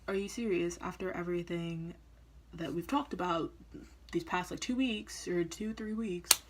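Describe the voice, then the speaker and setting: With a fairly low voice and a little hiss or hum in the background, this young vlogger chats her way through a story. She laughs a lot and performs the lines other people said.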